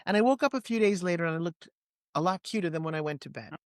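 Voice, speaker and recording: A woman in her sixties with a New York accent, a guest telling personal stories in a lively, candid way with quick asides. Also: on the low side, no room sound, clean studio sound. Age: 60s. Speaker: interview guest. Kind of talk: personal storytelling in conversation.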